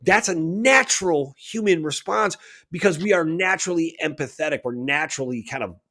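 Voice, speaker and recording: A man co-hosting a spiritual talk radio show, speaking in a fairly high, husky voice. He lectures with emphasis and drives each point home with rhetorical "right?" questions. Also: a little fast, sharp tone. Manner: emphatic, preachy, keeps asking "right?".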